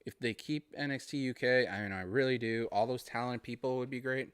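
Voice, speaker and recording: A man's voice: medium pitch, steady tone, a little fast, fairly bright tone, clean tone, no room sound, studio quality. A man from Massachusetts with a Boston accent, hosting a casual solo podcast and rambling in a friendly way. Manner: rambling, friendly, laughs between thoughts. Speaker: podcast host.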